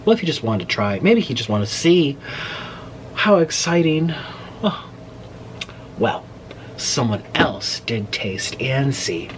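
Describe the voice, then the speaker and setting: A man in his late twenties chatting to camera as a mukbang host, telling a story in an animated, rambling way and breaking off mid-sentence. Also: mid-range voice, a little hiss or hum. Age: late 20s. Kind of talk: casual storytelling chat to camera.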